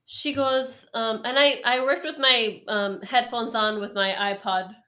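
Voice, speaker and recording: A woman's voice: on the high side, steady tone, unhurried, sharp tone. A woman telling a work story in casual chat, rambling with lots of ums and likes and acting out what people said. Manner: rambling, full of ums and likes, acts out quotes. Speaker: podcast storyteller.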